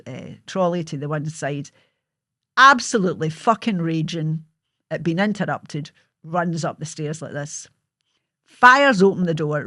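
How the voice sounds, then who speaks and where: A woman's voice: sits low, fairly bright tone, dry recording, studio quality. Blunt Scottish woman telling a story. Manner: vivid, blunt, swears freely. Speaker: host telling her life story. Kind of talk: personal storytelling monologue.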